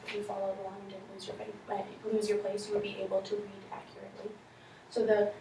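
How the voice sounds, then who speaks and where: A woman's voice: mid-range voice, darkish tone. A woman teaching a class of children, asking questions and reading aloud to them. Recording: echoey room from far off, faint noise.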